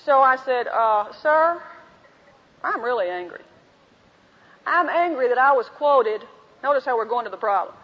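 A woman's voice: high voice, expressive, unhurried, long pauses. A woman teaching a women's group, telling a story and acting out both sides of the conversations. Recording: dull lo-fi recording in a reverberant hall.

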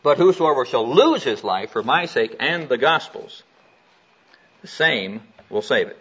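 A man preaching a sermon with an animated, storytelling delivery, swinging widely up and down in pitch as he reads scripture aloud. His voice is bright and forceful. The recording is dull and lo-fi. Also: measured pace, husky.

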